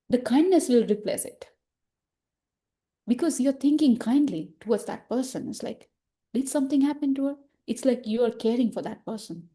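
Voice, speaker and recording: Buddhist nun, female, mid-pitched and mellow; earnest, reflective discussion in non-native English, quoting her own thoughts aloud. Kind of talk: informal dharma discussion.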